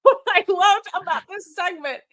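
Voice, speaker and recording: A woman's voice: very high-pitched, moderate pace, fairly bright tone. A woman co-hosting a wrestling podcast in casual chat, playful and teasing, often laughing and exclaiming. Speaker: podcast co-host.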